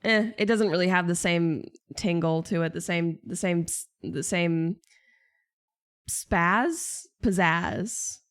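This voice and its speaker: A woman's voice: on the low side, takes it slowly. A young woman streamer chatting casually and jokingly, answering her chat.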